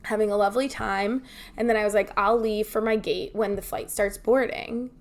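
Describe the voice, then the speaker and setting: Woman, podcast co-host, animated storyteller, mid-pitch, casual. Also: normal speed. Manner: animated storyteller, acts out quoted dialogue. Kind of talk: casual chat. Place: home, remote.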